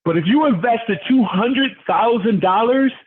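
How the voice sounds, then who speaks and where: A high-voiced man leads a business training over a conference call and gets fired up as he goes. His delivery is preachy and energetic, and he keeps asking his listeners questions. The audio is thin and tinny, like a phone line. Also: measured pace.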